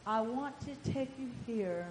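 An older woman preaches with animated storytelling, swinging from loud bursts to soft asides. Her voice sits slightly high for a woman. The sound is roomy, with a strong church-hall echo. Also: measured pace, slight background noise. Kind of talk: sermon.

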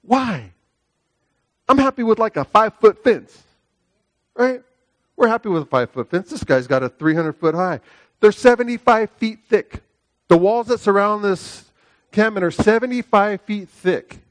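A middle-aged man preaching a sermon, telling a personal story. He speaks emphatically and repeats phrases, often asking "right?", and swings between loud, high preaching and quieter storytelling. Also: animated, moderate pace, pauses often, no room sound.

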